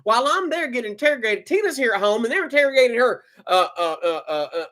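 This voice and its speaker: A man telling a personal story in an emotional monologue, agitated, repeating words and swinging between loud outbursts and low muttering. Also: animated, a little fast, few pauses. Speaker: vlogger telling his own story.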